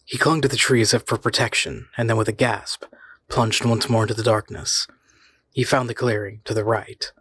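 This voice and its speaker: A man reading a horror story aloud in a measured, suspenseful way. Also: on the low side, a bit bright, husky, dry recording. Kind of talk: scripted horror story narration.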